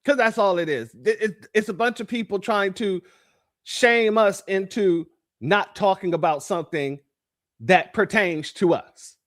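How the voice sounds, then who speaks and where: A man's voice: high voice, measured pace, a bit bright. A man hosting a livestream commentary, talking emphatically to his chat, calling them family and repeating phrases for effect. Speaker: livestream host.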